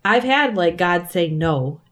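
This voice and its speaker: Candid, animated woman guest. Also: lowish voice. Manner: animated, candid, quick to laugh; frequent filler "like". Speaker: podcast guest. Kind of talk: casual faith conversation.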